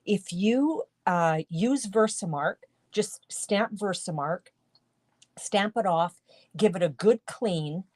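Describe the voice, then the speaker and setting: A woman's voice: mid-range voice, animated, slow pace, darkish tone, no echo. A middle-aged woman demonstrating card making on a live stream, chatty and talking viewers through each step, with a tickle in her throat. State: throat tickle, coughing now and then. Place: home craft studio.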